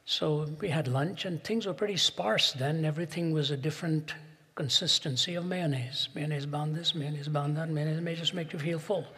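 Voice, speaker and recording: A man giving a Christian talk to an audience, arguing his point and telling stories, slowing down and pressing hard on key phrases. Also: fairly high pitch, a bit bright, husky. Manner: rhetorical, storytelling, slows and presses for emphasis. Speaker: Christian speaker. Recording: long hall reverb.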